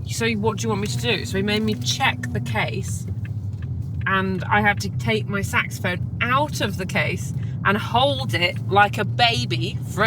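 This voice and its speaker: A woman, a professional saxophonist, chatting excitedly in a casual vlog. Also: mid-range voice, noisy background. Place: in a car and out and about.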